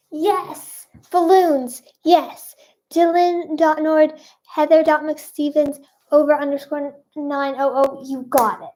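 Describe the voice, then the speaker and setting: A woman's voice: high-pitched, darkish tone. A young woman hosting a casual live stream, chatting with viewers in a bubbly, rambling way with giggles.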